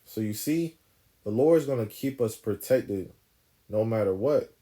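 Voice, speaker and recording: Reading verses aloud and explaining them with emphasis, a man leads an informal Bible lesson, asking "right?" after each point. His voice is on the low side, warm and expressive, and he speaks unhurriedly.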